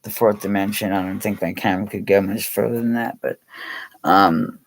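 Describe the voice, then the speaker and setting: A man, hosting a casual live chat stream and thinking aloud in halting, rambling phrases. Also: lowish voice, fairly even intonation, dry recording.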